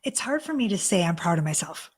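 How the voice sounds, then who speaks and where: A woman around fifty with a slightly husky, breathy voice speaks candidly as a guest in an interview. She talks openly and emotionally, restarts her sentences often and drops the odd swear word. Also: on the low side, big pitch swings, fast. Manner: open, emotional, casually swearing, many restarts. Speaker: relationship coach, guest.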